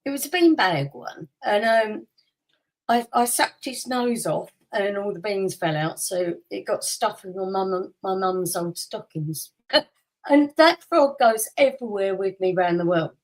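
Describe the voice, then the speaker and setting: A woman co-hosting a podcast recounts something from her own life in a casual chat, full of lively energy, voicing quotes and laughing frequently. She has a medium pitch and speaks a little slowly, and the audio is poor.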